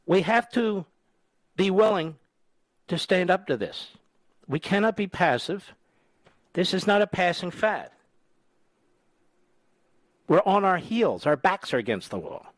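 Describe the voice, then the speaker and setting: A man's voice: high-pitched, very animated, unhurried, long pauses, no echo. A man in his sixties from the United States, a radio host delivering a combative, scornful political monologue with emphatic repetition. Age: 60s.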